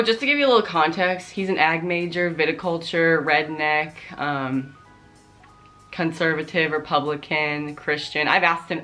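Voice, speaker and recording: A young woman with a notably low-pitched voice recounts a story vlog-style, swearing freely and adding sarcastic asides. Faint music plays softly underneath. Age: young adult. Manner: profane, sarcastic, animated retelling. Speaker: vlogger.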